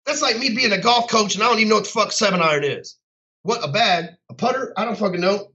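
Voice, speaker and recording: A man's voice: high voice, fast, bright, forceful tone, dull audio. A man who works as a business coach, ranting bluntly and profanely to camera. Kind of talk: unscripted rant to camera.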